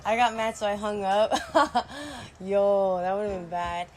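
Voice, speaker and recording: A young woman telling a story on her vlog, casual and animated, full of "like" and slang, bursting into loud quoted lines. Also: medium pitch, a little slow. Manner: animated, dramatic retelling with sudden loud quoted outbursts; many "like" fillers, slangy talk. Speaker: storyteller vlogger.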